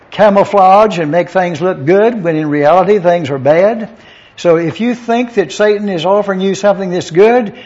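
A man's voice: a little high, darkish tone. A man preaching a Bible-study sermon, going through words one by one and spelling out Greek terms letter by letter. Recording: dull lo-fi sound.

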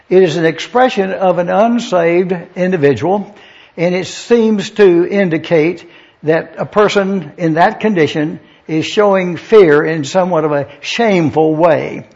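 A pastor with a high voice and a darkish tone teaches a methodical, verse-by-verse Bible lesson in a church, spelling out Greek words letter by letter. The recording is dull and lo-fi.

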